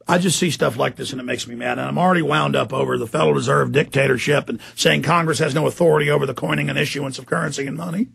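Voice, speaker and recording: A man from the United States delivering an angry political rant, shouting furious tirades and sneering in mocking voices. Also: medium pitch, fast talker, vocal fry, few pauses, husky.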